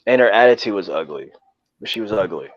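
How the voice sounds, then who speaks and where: A man's voice: lowish voice, animated, fast, no room sound. A young man casually telling a rambling, profane story in slangy talk. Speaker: podcast co-host. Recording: dull lo-fi dry sound.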